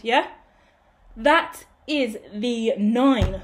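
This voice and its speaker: A woman giving a casual tarot reading to her viewers, excitable and swearing freely, breaking into shouts and laughter. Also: a little high, takes it slowly. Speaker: tarot reader.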